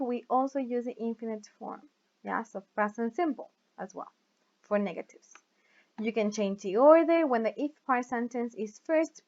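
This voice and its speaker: A woman whose first language is Spanish teaches an English lesson in a slow, deliberate way and keeps checking that her students follow along. Her voice sits a little high. The recording is dull and lo-fi, like basic video lesson audio. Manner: slow and deliberate, reads example sentences aloud and checks understanding with "right?". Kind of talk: recorded online grammar lesson.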